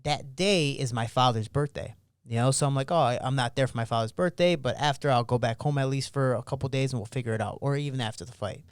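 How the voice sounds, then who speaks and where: A man speaking as a podcast guest, telling stories in loose, slangy speech. He jumps into the voices of people in his stories, and his voice is smooth and clear. The sound is dry and close. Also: medium pitch, quick pace, dry recording. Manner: animated, acts out remembered dialogue; casual, slangy. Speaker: podcast guest, pro fighter. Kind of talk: storytelling in a podcast interview.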